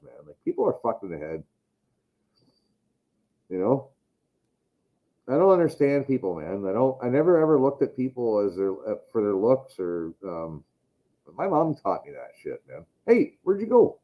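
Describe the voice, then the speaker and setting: A man's voice: on the low side, big pitch swings, normal speed, narrow, tinny audio. A man hosting a casual podcast chat, rambling and swearing heavily. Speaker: podcast host.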